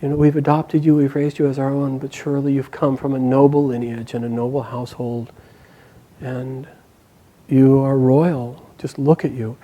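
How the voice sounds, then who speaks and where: A man voicing a gentle adoptive mother. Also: medium pitch, level tone, moderate pace, lightly acted, poor audio. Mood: tender. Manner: gentle, soft-spoken. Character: tender grieving adoptive mother, gentle woman.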